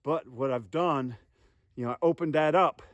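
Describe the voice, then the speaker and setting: A man's voice: on the high side, moderate pace, dry recording, lo-fi sound. Emphatic man teaching goose calling. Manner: folksy, emphatic, calls the audience "guys". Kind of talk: hands-on how-to lesson.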